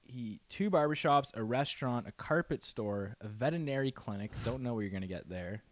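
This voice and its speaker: A young man co-hosting a podcast, relaxed, reading out odd headlines from his notes in casual chat. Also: medium pitch, fairly quick, no echo. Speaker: podcast co-host.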